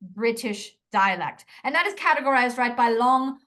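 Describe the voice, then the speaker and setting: A woman improvising as a dialect coach, gently affirming with murmured agreement. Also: on the high side, expressive, normal speed.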